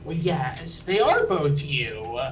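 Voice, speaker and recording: A woman's voice: sits low, sing-song, slow, faint music behind. A woman co-hosting a let's play who talks in a dry, wry way and reads the game's text aloud. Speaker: let's play co-host and narrator. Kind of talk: casual gaming chat and reading game text. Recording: distant mic with background noise.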